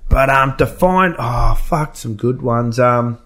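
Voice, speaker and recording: A man's voice: medium pitch, slow, fairly bright tone. An Australian man in casual chat, telling a rambling pub story with lots of swearing and fillers. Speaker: guest storyteller.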